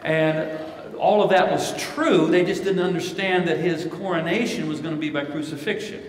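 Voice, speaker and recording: A man's voice: a little high, moderate pace. A man who is a pastor from Missouri answering questions at a live conference, telling stories and quoting scripture. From Missouri, United States. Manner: storytelling, quotes scripture in lively voices. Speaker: pastor and keynote speaker. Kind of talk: live Q&A answer, preaching style. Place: large hall at a conference. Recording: echoey hall, picked up from a distance.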